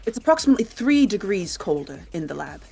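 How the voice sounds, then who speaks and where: A woman player in a tabletop game, speaking in character with deadpan, probing questions. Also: mid-range voice, fast talker, creaky, faint music behind. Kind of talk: in-character tabletop role-play.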